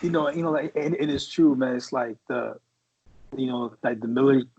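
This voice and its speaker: A man's voice: mid-range voice, moderate pace, creaky, darkish tone, muffled recording. A man in his forties from the Bay Area, a Marine veteran and podcast co-host, telling stories in a rambling, profane way, full of fillers. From San Francisco Bay Area. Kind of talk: casual storytelling chat.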